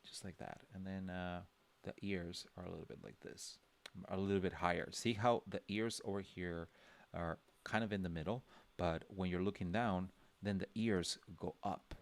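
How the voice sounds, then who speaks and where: A man's voice: low voice, steady tone, normal speed. A man giving a casual livestream drawing lesson, thinking aloud with many fillers and restarts as he sketches. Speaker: drawing instructor.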